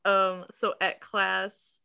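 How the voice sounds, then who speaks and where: A woman's voice: medium pitch, very slow, vocal fry, smooth. A woman co-hosting a casual chat, wryly recapping a movie plot and laughing often. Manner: lively, wry, laughs often. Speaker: podcast co-host.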